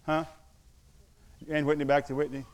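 A man's voice: a little high, level tone, moderate pace. Emphatic preacher man delivering a sermon. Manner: emphatic, with humorous asides. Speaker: pastor.

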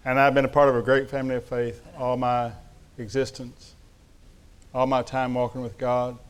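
A man's voice: medium pitch, monotone, moderate pace, clear, resonant tone. A middle-aged man preaching a sermon, telling folksy stories with humor. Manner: folksy storytelling with humor and Southern address. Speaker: pastor.

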